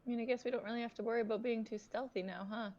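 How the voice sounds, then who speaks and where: A woman's voice: a little high, fairly even intonation, racing, darkish tone. A woman playing a tabletop game, chatty and keen on the rules. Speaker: player. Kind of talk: casual tabletop play. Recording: dull lo-fi mic.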